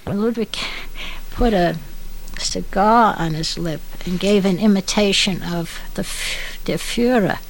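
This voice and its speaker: An older woman recalls past events in a relaxed interview. Her voice carries a lot of gravelly fry. She tells her stories in a chatty, amused way, at an ordinary pitch for a woman. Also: takes it slowly, slight background noise, low-quality recording. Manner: chatty storyteller who laughs while recalling.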